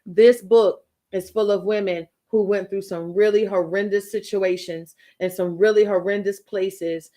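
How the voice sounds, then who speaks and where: A woman's voice: mid-range voice, steady tone, unhurried, few pauses, warm tone. A woman giving a motivational faith talk as a writing coach, speaking emphatically and repeating phrases the way a preacher does. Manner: emphatic, repetitive, preacherly storytelling.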